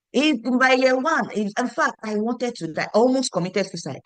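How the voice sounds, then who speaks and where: A woman coaches her sales team in a dry, close recording. She drives her points home with repetition and keeps asking her listeners questions. Her pitch sits in a middle range. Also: quick pace, no echo. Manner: emphatic and repetitive, quizzing listeners. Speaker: team leader training her downline. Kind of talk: motivational team training talk.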